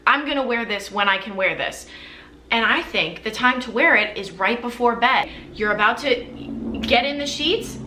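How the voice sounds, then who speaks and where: Young woman vlogging perfumes, super effusive and playful, highish pitch, echoey room. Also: normal speed, sharp tone, slight background noise. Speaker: beauty vlogger. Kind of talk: casual perfume review to camera.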